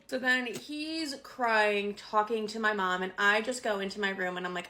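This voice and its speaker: Bright-voiced woman telling a story. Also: mid-range voice, normal speed, few pauses. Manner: animated, acts out quotes, swears a lot. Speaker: storyteller in a clip. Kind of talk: casual storytelling.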